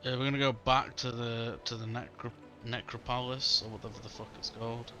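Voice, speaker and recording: Sharp-voiced man commentating a game. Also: medium pitch, flat delivery, fairly quick. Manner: swearing, amused, offhand. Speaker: gaming streamer. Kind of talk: casual playthrough commentary.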